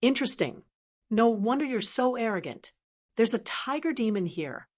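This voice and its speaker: Calm disdainful young swordsman, read by a woman. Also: on the high side, normal speed. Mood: confident.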